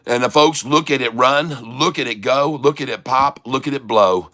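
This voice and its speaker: A middle-aged man streams his day trading live, pumping up his viewers with rhyming chants and rapid runs of repeated prices. His voice is bright and forceful, sitting at an ordinary male pitch. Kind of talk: excited live trading commentary.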